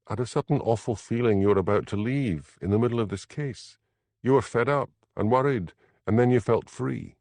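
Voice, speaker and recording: A man's voice: mid-range voice, fairly quick, darkish tone, no echo, voice pushed up, close to an everyday voice. A man voicing an anxious, determined young woman who speaks in an urgent, earnest and persuasive way.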